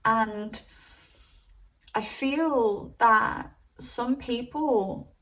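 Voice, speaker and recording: A woman's voice: medium pitch, expressive, measured pace, far from the mic, low-quality recording. A woman giving a casual tarot reading, chatty and rambling, cursing casually and calling her viewers babes. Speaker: tarot reader.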